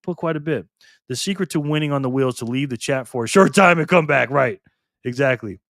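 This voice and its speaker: An older man hosting a casual live stream, reading comments aloud in a chatty, excitable way. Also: medium pitch, a little fast, no echo, clean studio sound. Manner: chatty, excitable, laughs often.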